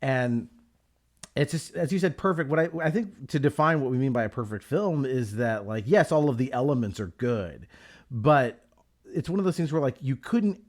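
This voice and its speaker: A man's voice: mid-range voice, lively intonation, moderate pace. A middle-aged man hosting a podcast, talking in a reflective, enthusiastic way with a lot of "like" fillers. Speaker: podcast host. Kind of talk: casual chat.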